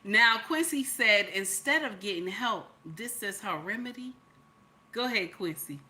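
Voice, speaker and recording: Animated woman giving chatty reaction commentary. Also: medium pitch, a little slow. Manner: animated, exclamatory, mimics others' voices; casual and chatty, full of asides. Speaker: YouTube commentator.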